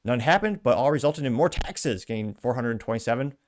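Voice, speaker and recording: This is a man hosting a commentary show who reads online posts out loud. He mixes the reading with sarcastic, half-muttered remarks. His voice sits at an ordinary pitch for a man. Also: expressive, fairly quick. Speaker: political commentary host. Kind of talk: reading and reacting to social media posts.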